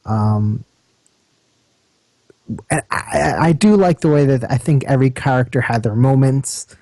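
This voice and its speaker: Warm-toned male co-host, halting filler-heavy delivery, dry close sound. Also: medium pitch, no echo. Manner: hesitant, lots of fillers. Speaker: podcast co-host. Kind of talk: casual chat, movie review.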